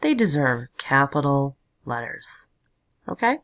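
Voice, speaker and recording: A woman's voice: a bass voice, very animated, unhurried, a bit bright, poor audio. A woman teacher explaining a lesson patiently, talking as she draws and labels. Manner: patient, explanatory, talks while drawing. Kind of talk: recorded classroom lesson.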